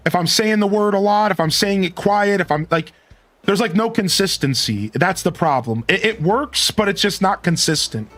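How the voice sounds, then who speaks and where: This man speaks in a high, slightly bright voice while streaming a video game and chatting casually. He rambles, lets his sentences trail off, and says one word again and again as he tests something out.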